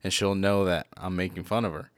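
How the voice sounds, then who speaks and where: A man's voice: sits low, fairly quick, dry recording. A man co-hosting a podcast, chatting casually and crudely, joking and laughing often. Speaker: podcast co-host.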